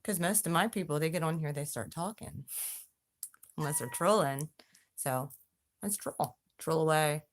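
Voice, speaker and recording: A woman's voice: sits low, measured pace, pauses often. A woman hosting a casual livestream chat, drawling and taunting as she dares her viewers to speak up. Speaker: YouTube livestream host.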